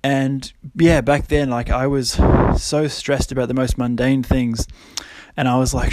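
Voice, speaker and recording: A man's voice: mid-range voice, little pitch movement, unhurried, darkish tone. A young man hosting a podcast, talking casually with many fillers and frequent laughs. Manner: rambling, lots of fillers, laughs often. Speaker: podcast host.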